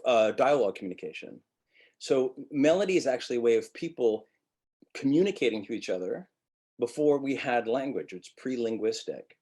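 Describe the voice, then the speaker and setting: A middle-aged man from Montreal teaches acting in a relaxed webinar lecture. His speech rises and falls in a very melodic way, and he breaks into little vocal demonstrations to make his points. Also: medium pitch.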